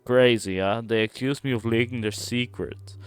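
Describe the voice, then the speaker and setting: A man's voice: mid-range voice, fairly even intonation, normal speed, clean tone, dry recording, close to an everyday voice. A man putting on a grumbling British barfly. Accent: put-on British-style accent. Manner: grumbling, rueful storytelling. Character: down-on-his-luck male barfly with a put-on accent. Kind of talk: streamer reading game lines aloud.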